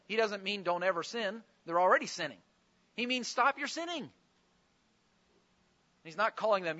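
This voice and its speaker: A man's voice: high-pitched, animated, normal speed, pauses often, bright, forceful tone, lo-fi sound. A man preaching a sermon, explaining scripture with earnest, pleading emphasis.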